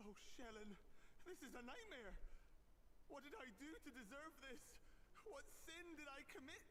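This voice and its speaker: A fretful male violinist who laments everything in a theatrical, pleading way, his voice set high for a man. The game audio is captured with a clear hiss of noise underneath. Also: lively intonation, normal speed, bright, forceful tone, exaggerated voice. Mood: despairing. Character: frightened male theater violinist, melodramatic and despairing. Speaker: game character.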